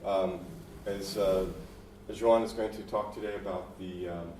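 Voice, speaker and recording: A man's voice: low-pitched, fairly even intonation, unhurried, warm tone. A man hosting a meetup introduces the guest speaker, hesitating with frequent fillers. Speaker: meetup organizer and host. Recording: distant mic in echoey room with background noise.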